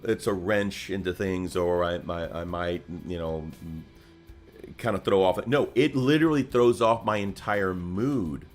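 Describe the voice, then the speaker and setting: Low-pitched male co-host, rambling casual chatter, faint music bed. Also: measured pace. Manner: rambling, many restarts and fillers. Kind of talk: casual livestream chat.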